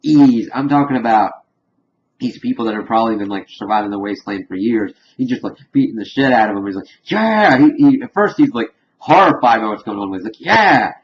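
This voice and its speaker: Man, casual episode recap, rambling with lots of fillers, lowish voice, muffled lo-fi sound. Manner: rambling, filler-heavy retelling with quick acted quotes. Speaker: reviewer. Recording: dull lo-fi home recording with faint hiss.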